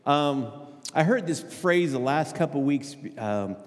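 A man's voice: fairly high pitch, lively intonation, slow pace. A male pastor preaching a conversational sermon, asking the congregation questions and often repeating his words. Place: church sanctuary. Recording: hall with long reverb. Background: long hall reverb.

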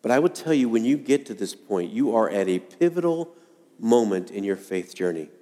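A man preaching a sermon to a congregation, earnest and dramatic, acting out quoted lines with pauses. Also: lowish voice, expressive, mellow. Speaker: pastor. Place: church sanctuary. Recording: long hall reverb.

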